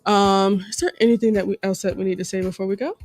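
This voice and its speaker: A woman's voice: mid-range voice, steady tone, quick pace, a little mellow, faint music behind. A woman co-hosting a relationship podcast with her husband, talking casually with lots of fillers and easy laughter. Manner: chatty, laughs easily, many fillers. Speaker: podcast co-host. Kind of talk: casual conversation.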